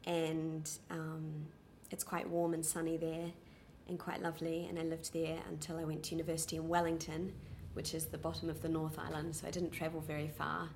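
A young woman with a soft, well-spoken New Zealand accent, answering interview questions casually with many ums and restarts. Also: deep voice, completely flat delivery, brisk, hardly any pauses, a little hiss or hum.

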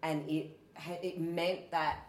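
Low-voiced Australian woman in an echoey room. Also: flat delivery, slow pace. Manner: chatty, explanatory, laughs easily. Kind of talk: casual chat.

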